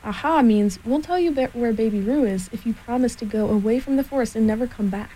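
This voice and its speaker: A woman voicing a fussy, bossy male rabbit who speaks slowly and carefully. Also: on the high side, dark tone, natural voice, poor audio. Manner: slow, careful, self-important.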